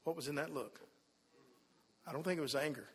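A man preaching a sermon in a church, telling the story and acting out the people in it, dropping to a hush and then rising loud again. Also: on the high side, fairly quick, slightly rough. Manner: storytelling, acts out quoted voices, swings from hushed to loud. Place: church sanctuary. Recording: long hall reverb.

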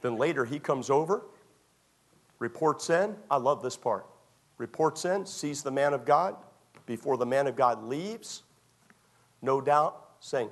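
A man preaching a storytelling sermon, talking to the congregation like a friend. His voice sits at an ordinary middle pitch, and he circles back over the same phrases again and again, sometimes slipping into the voices of people in the story. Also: lively intonation, measured pace, pauses often. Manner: repetitive, conversational, acts out scenes. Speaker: pastor. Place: church.

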